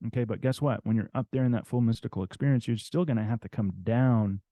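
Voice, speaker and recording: A man's voice: mid-range voice, quick pace, warm tone, dry recording. A man presenting a live workshop, coaxing listeners with frequent "okay?" and "right?" and repeating key phrases. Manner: repetitive, coaxing, tag questions like "okay?". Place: room with a live audience.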